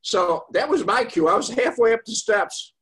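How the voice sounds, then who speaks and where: An older man, a guest, telling a long story in a casual, rambling way, with pauses and fillers. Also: high-pitched, lively intonation, a bit bright, husky.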